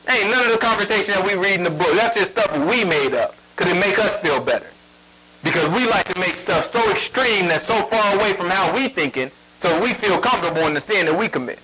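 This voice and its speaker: A man preaches with a high, bright voice that swings widely in pitch. He talks emphatically, firing rhetorical questions at his listeners. A faint hum sits under the recording. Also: poor audio. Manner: emphatic, asks rhetorical questions, prods the reader. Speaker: Bible teacher. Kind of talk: sermon.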